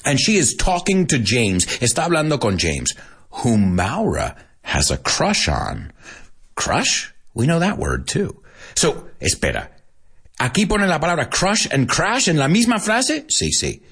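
A man's voice: on the high side, huge pitch swings, unhurried, a bit bright, slightly rough. A man teaching English as a language lesson, explaining words in Spanish and switching back and forth between the two languages.

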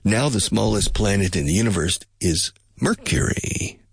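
A man's voice: fairly low pitch, lively intonation, normal speed, gravelly, husky, no echo, studio quality. A man teaching English in a casual spoken lesson, musing and speculating aloud and drilling pronunciation by repetition.

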